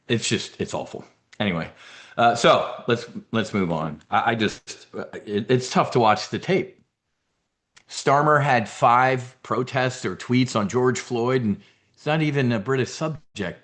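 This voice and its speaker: A man from New Jersey and South Philadelphia hosting a trading members brief, giving blunt, profane, heated off-the-cuff commentary. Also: lowish voice. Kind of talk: casual unscripted commentary.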